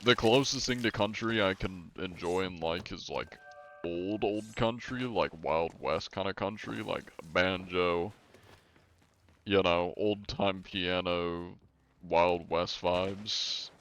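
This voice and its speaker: A man's voice: low-pitched, a little hiss or hum. A young man streaming a game, chatting casually with viewers, reading their messages aloud and laughing easily at a desk mic. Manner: laid-back, reads chat aloud, laughs often. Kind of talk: casual live-stream chat.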